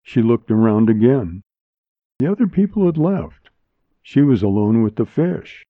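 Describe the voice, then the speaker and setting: A man narrating a short story as a volunteer reader, in a measured, hushed delivery recorded with a dull, lo-fi sound on a close mic. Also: mid-range voice, very animated, no room sound. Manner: slow, measured, hushed reading. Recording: dull lo-fi dry studio sound.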